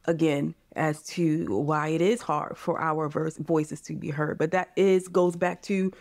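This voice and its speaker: A woman's voice: low voice, little pitch movement, a little slow, darkish tone, dry recording, studio quality. A woman in her forties from the United States, a podcast guest speaking earnestly and with passion in a candid interview, often calling listeners "you guys.".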